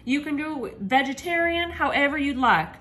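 A woman's voice: high voice, expressive, fairly quick, a bit bright. A woman hosting a casual home cooking demo, chatty and upbeat, calling her viewers y'all. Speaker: home cook host.

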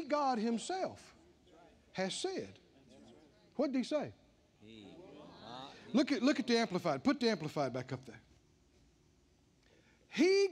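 A man preaching a sermon to a congregation, repeating his lines and calling on them to answer back. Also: very high voice. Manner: call-and-response preaching, repeating lines with rising emphasis. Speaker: pastor. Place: church sanctuary with congregation.

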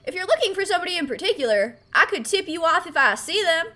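Bubbly high-voiced woman gamer. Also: quick pace. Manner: playful, goofy, animated. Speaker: gaming video host. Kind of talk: playthrough commentary. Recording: voice over game music.

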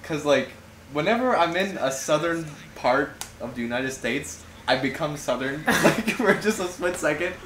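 A man's voice: a little high, lively intonation, moderate pace, background noise. A young man chatting with friends over a video game, rambling through anecdotes full of fillers. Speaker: gaming channel member. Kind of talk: casual chat over gameplay. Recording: echoey room.

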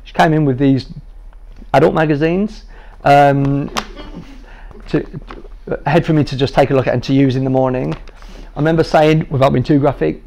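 Man, thirties, slightly high gravelly voice, light self-mocking storyteller to a room of trainees. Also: a little mellow. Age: 30s. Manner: jovial, self-deprecating, makes light of things. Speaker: guest speaker sharing his patient story. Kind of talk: humorous personal storytelling to a training group.

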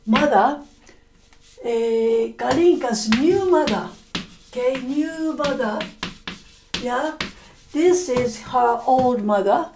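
A woman teacher telling a story to language learners, slowly repeating and explaining words, often correcting herself. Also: fairly high pitch, background noise.

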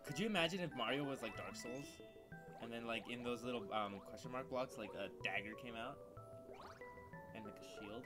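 A young man casually chatting and joking while playing a co-op video game, swearing a lot and breaking into loud excited shouts. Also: mid-range voice, fairly quick. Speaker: co-op gameplay commentator. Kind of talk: casual gaming chat. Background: game music.

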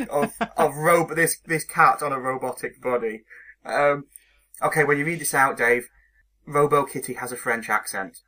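A man's voice: medium pitch, moderate pace, sharp tone. A man co-hosting a podcast, chatting casually, teasing his partner and chuckling as he reads out silly titles. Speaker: podcast co-host. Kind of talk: casual chat.

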